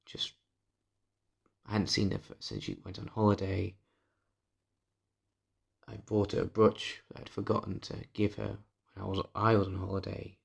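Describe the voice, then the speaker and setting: A man recording a confessional vlog, speaking candidly and bitterly, swearing freely and often sinking to a hushed murmur. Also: deep voice, moderate pace, vocal fry, long pauses, slightly rough. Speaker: vlogger. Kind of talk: confessional personal vlog monologue.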